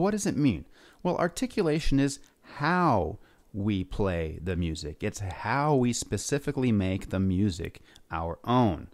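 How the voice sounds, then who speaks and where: Lively upbeat male music teacher. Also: on the low side. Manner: upbeat, coaxing kids to repeat and sing along. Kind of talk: elementary music lesson. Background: faint guitar.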